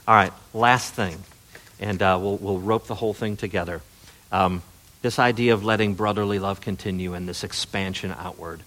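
A middle-aged man preaching a sermon as pastor, telling stories in a folksy way that rises with excitement and then drops to soft, earnest appeals. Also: fairly low pitch, brisk.

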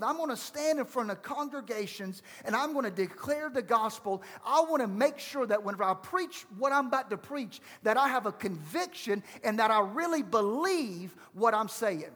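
High-voiced pastor preaching in a reverberant hall. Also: male voice, animated, normal speed, hardly any pauses, a bit bright. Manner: emphatic, rhetorical questions to the congregation. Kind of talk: sermon.

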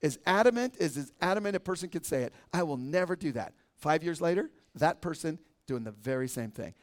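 A man's voice: fairly high pitch, expressive, a little fast. Conversational pastor, a man preaching. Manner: conversational, asks the audience "right?" often. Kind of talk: sermon.

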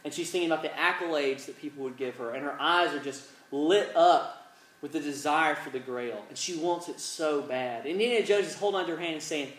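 A man's voice: on the high side, a little fast, a bit bright. A man preaching at an evening gathering, retelling a film scene animatedly, then praying earnestly. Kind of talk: sermon with storytelling and prayer. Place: large room, evening gathering. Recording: echoey, distant mic, faint ambience.

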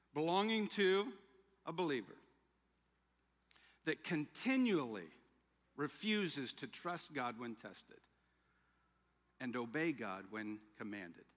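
Emphatic preacher man, bright voice. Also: fairly high pitch, big pitch swings, takes it slowly, pauses often, long reverb tail. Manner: emphatic, repeats key lines. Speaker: pastor. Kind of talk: sermon.

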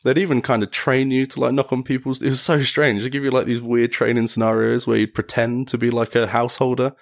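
A man's voice: medium pitch, little pitch movement, quick pace, vocal fry. A young man chatting casually as a podcast guest, telling rambling stories with frequent laughs and lots of "like". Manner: rambling, laughs often, heavy use of "like". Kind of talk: casual storytelling chat.

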